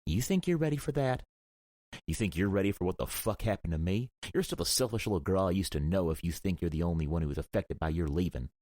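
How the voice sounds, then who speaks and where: A man's voice: sits low, fast talker, few pauses, a little mellow, no room sound, studio quality. A man voicing a stubborn, fiery young woman in an audiobook, with a sing-song, biting way of talking. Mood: furious. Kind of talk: audiobook character voice.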